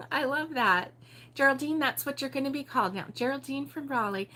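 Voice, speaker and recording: A woman from Baltimore hosting a relaxed morning livestream, chatting and giggling as she reads viewer comments aloud. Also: high-pitched, moderate pace. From Baltimore, USA. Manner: chatty and giggly, with frequent fillers and laughs. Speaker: host of a crochet livestream. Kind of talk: casual morning chat reading viewer comments.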